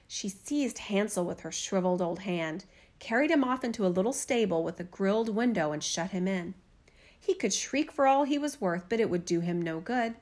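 A woman narrating a fairy tale in a steady, expressive storytelling voice. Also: medium pitch. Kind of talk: fairy tale read-aloud.

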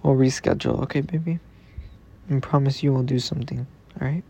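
A young man talking tenderly and rambling to his girlfriend in a personal podcast, sometimes dropping into soft whispers. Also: medium pitch, fairly even intonation, brisk, vocal fry, a little hiss or hum. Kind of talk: intimate personal voice message.

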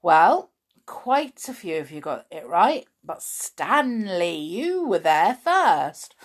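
A woman with a fairly low voice hosts a podcast, speaking slowly but with liveliness as she chats casually to listeners. She's playful, draws out words for emphasis, and uses lots of fillers.

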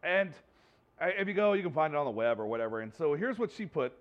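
A man's voice: a little high, very animated, fast, highs cut off. A male pastor preaching a conversational sermon, repeating phrases for emphasis and reading scripture aloud with rising intensity.

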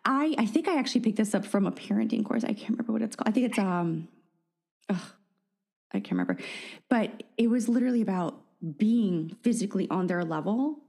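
A woman's voice: medium pitch, lively intonation, a little fast, gravelly, a little mellow. A woman hosting a podcast, chatting casually and self-deprecatingly, with frequent restarts and laughter. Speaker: podcast host. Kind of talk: casual chat.

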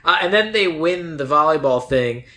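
Guy podcast host rambling thru a movie plot, snarky, bright tense voice. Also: a little high, animated, normal speed. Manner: rambling, sarcastic, acts out characters' lines. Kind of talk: casual chat recapping a movie.

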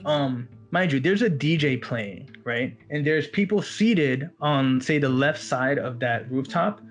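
A man working as a walk-around magician, telling a story in an animated, casual chat. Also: mid-range voice, unhurried, faint music behind. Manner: animated, quotes others in his story.

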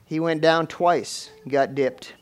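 A man's voice: fairly high pitch, slow, clean tone. A man preaches in a folksy, conversational way, sprinkling his talk with "you know" as he explains the story. He swells into fervent, ringing declarations when he drives a point home. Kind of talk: sermon.

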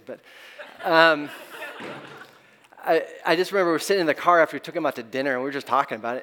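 Speaking with a voice on the high side, a middle-aged pastor gives an earnest, halting sermon. He often starts phrases over and lets their ends trail off softly.

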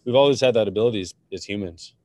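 A man's voice: fairly low pitch, rapid-fire, dark tone, a little hiss or hum. A man co-hosting a podcast, talking in a rambling, loose way with many fillers and restarts. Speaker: podcast co-host. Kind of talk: casual chat.

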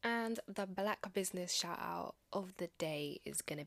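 A woman's voice: lowish voice, a little slow, vocal fry, fairly bright tone, dry recording. A young woman hosting her podcast solo, chatting casually in an upbeat, motivational way with slangy asides. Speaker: podcast host.

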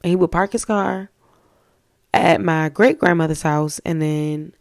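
Gravelly, blunt young woman telling stories. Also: lowish voice, measured pace, no echo, studio quality. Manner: blunt, profane and animated. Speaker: podcast host. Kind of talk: casual storytelling.

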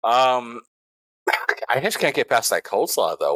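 A man's voice: mid-range voice, very animated, a little slow, fairly bright tone, dry recording. A man co-hosting a casual podcast, easygoing and agreeable, chatting about food. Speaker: podcast co-host.

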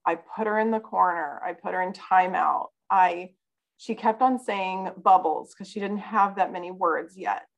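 Gravelly-voiced woman telling a story. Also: on the low side, normal speed, highs cut off. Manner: earnest storytelling. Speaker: podcast guest. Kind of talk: casual podcast conversation.

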